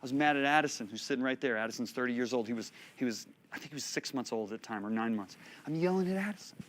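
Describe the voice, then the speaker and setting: A man in his fifties preaching a sermon, telling stories with animated delivery and frequent laughter. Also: medium pitch, rapid-fire. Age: 50s. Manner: animated storytelling, laughing between points.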